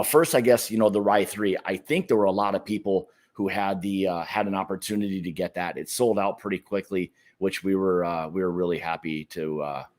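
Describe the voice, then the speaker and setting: Easygoing male livestream host, low voice, loose casual delivery with lots of fillers. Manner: easygoing, greets viewers by name, many fillers. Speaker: whiskey club livestream host.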